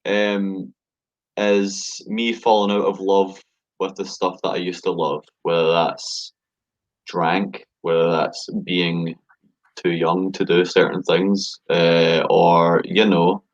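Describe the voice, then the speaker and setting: A man in his late twenties talks as a guest in a low voice. He is loose after a couple of drinks and drags his words out. The sound is dull and lo-fi. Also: little pitch movement. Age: 20s. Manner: loose and tipsy, drawls slowly. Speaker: rapper guest. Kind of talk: casual chat.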